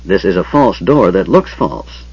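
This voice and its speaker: A man's voice: deep voice, lively intonation, measured pace, a little mellow, husky, dry recording, exaggerated voice. A man voicing a cheeky, playful male kender who teases with a grin. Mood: teasing. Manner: teasing, grinning. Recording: dull lo-fi audiobook recording.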